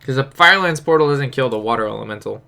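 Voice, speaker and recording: A man's voice: medium pitch, lively intonation, fast talker, creaky, sharp tone. A young man casually telling a rambling, profane story while commenting on a card game. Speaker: gaming streamer.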